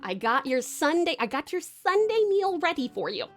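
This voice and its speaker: An Australian woman streams live and chats with her viewers in a high, bright-toned voice. She gushes and bubbles over, tripping through fillers and restarts. Soft music plays quietly underneath. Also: very animated, moderate pace. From Tasmania, Australia. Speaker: livestreamer.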